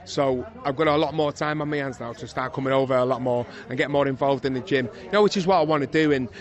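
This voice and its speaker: A middle-aged man with a Liverpool accent, a retired boxer telling a lively anecdote in a casual interview, chuckling as he goes. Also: mid-range voice, fast talker, dull audio. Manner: lively storyteller, chuckling, swears oaths. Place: outdoors at an evening boxing event.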